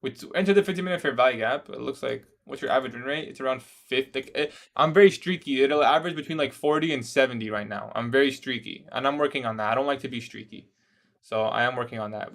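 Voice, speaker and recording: A man's voice: mid-range voice, fast talker, vocal fry, a bit bright. Casual young man trader chatting. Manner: casual, says "bro" often, laughs at odd questions. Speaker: day trader livestreaming. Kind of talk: casual livestream chat reading viewer questions.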